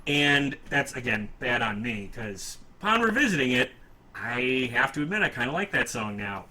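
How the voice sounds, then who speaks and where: Man, podcast host, very bright tone, rambling, enthusiastic. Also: medium pitch, rough recording. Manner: rambling, enthusiastic, self-deprecating. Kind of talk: casual music chat.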